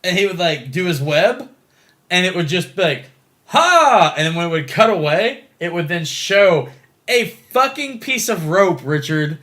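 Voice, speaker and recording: A young man co-hosting a casual podcast, telling stories with lively, swooping intonation and frequent swearing. His voice sits a little high for a man. He rushes along excitably and piles up his sentences. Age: young adult. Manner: excitable, swearing, animated storytelling. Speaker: podcast co-host. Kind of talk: casual chat.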